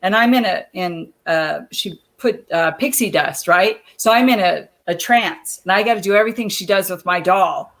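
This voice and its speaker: A woman's voice: mid-range voice, moderate pace, few pauses, fairly bright tone. A woman guest on a video call interview, telling stories in a chatty way and laughing often. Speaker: guest, former wrestler. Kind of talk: casual interview chat.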